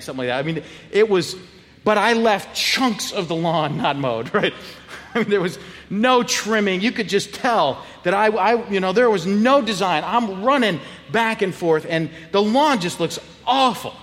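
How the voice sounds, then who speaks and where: Animated man preaching in a reverberant church. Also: sits high. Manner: animated, laughing, acting out quotes. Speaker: pastor. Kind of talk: sermon storytelling. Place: church sanctuary.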